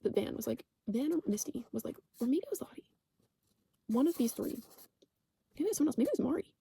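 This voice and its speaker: A woman rambles through a casual TV recap, peppering it with "like", swearing and stopping to correct herself. Her voice sits a bit high, mellow in tone, with a gravelly fry running through it. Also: very animated, fast, slight background noise. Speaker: channel host recapping a TV show.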